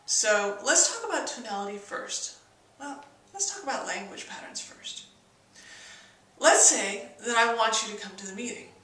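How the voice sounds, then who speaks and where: A woman's voice: a little high, expressive, normal speed, sharp tone, roomy sound, recorded from a distance, slight background noise, rough recording. A woman teaching persuasion in an instructional video, stopping often to act out the tone of example sentences. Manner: demonstrates tone shifts in example sentences.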